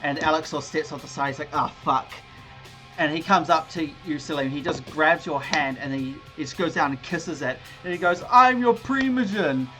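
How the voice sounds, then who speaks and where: Game master, a man with a slightly high voice, halting and chatty, with quiet music behind him. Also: steady tone. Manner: rambling, halting, laughs often. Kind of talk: narrating a tabletop game.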